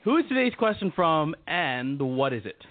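A man's voice: a little high, sing-song, normal speed, phone-quality sound, slight background noise. A man hosting a podcast, trading jokes and playfully defending himself against a co-host. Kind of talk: joking comedic banter.

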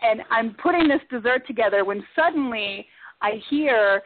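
Animated woman on a tinny phone line. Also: on the high side, normal speed, dry recording. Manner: animated, acts out shouted quotes. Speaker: guest, former cooking show contestant. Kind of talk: casual storytelling on talk radio.

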